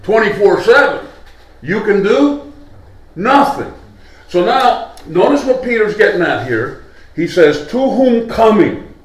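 A male preacher giving a conversational sermon, slow and deliberate, with a voice that rises and falls a lot. He is recorded from a distance in an echoey hall, so his words ring around the room. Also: high voice, sing-song. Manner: conversational, asks the congregation questions.

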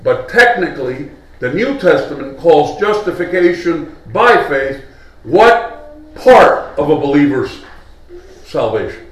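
Male preacher, sermon, slow and conversational, echoey hall from far off. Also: a little high, very animated. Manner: conversational, asks the congregation questions. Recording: echoey hall, mic at a distance.

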